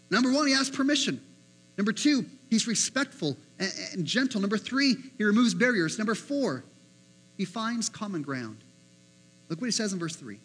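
A man preaching a sermon as pastor, animated, acting out the voices he quotes. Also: very high-pitched, normal speed, breathy edge, rough recording.

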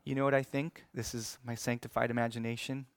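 A man preaching a sermon in an earnest way that swings from emphatic to hushed. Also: mid-range voice, little pitch movement, fast, clear, resonant tone, no room sound.

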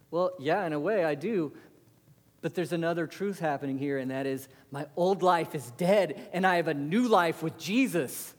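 A man preaching a sermon, animated, asking the congregation rhetorical questions and answering them. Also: fairly high pitch, moderate pace, in a large hall.

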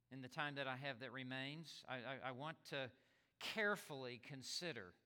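Emphatic high-voiced preacher in a hall. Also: male voice, bright, forceful tone, clear, resonant tone. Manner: emphatic, repeats and stresses words, stammers on restarts. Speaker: pastor. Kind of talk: sermon. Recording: long reverb of a large hall.

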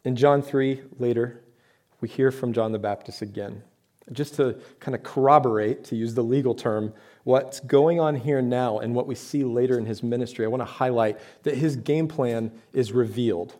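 A man's voice: medium pitch, moderate pace, a little mellow. A man preaching a sermon to his church, talking in a conversational way with rhetorical questions and emphatic points. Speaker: pastor.

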